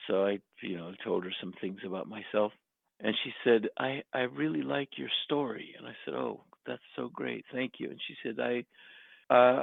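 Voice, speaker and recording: A gravelly-voiced man tells a story in a relaxed interview, laughing often and acting out the people he quotes. His voice comes through a thin, tinny phone line, dry and close. He keeps the telling lively and animated. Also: fairly low pitch, dry recording.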